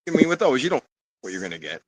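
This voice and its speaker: A man's voice: mid-range voice, sing-song, racing. A man talking as a guest on a casual call-in chat, rambling and trailing off mid-sentence. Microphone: video call.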